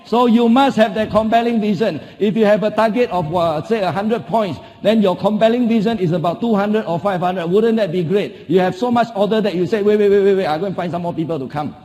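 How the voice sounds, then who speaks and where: High-voiced Singaporean man, keynote speaker. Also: a little fast, hardly any pauses, a little mellow. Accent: Singaporean English. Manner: emphatic, repeats key phrases, asks the audience rhetorical questions. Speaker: motivational speaker. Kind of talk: motivational keynote speech. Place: large conference hall. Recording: long hall reverb.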